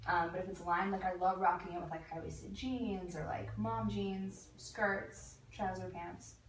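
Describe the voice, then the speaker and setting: A woman, a lingerie designer and guest, telling animated stories in casual chat and laughing often. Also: lowish voice, unhurried. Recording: echoey room, mic at a distance, faint noise.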